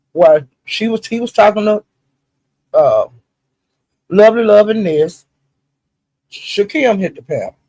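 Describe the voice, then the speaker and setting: A man's voice: a little high, a little mellow, husky, dry recording. A man telling gossip casually and with animation, full of profanity, often calling out "honey" and "child.". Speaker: commentator recapping online live-stream drama.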